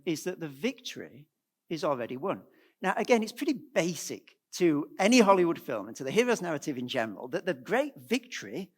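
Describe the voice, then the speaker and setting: A middle-aged man giving a presentation at a church, animated and asking the audience rhetorical questions. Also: high-pitched. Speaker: guest speaker.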